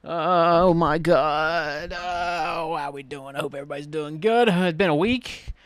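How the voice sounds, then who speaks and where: Excitable, swearing American podcast host. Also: male voice, fairly high pitch, measured pace, clear, resonant tone, dry recording. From United States. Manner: rambling, excitable, swears freely. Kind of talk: casual solo podcast chat.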